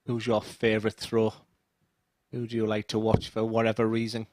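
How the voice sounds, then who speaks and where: A man's voice: fairly low pitch, completely flat delivery, moderate pace, darkish tone, a little hiss or hum. A man co-commentating on darts, chatty and joking as he trades opinions with his partner. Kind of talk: sports commentary banter.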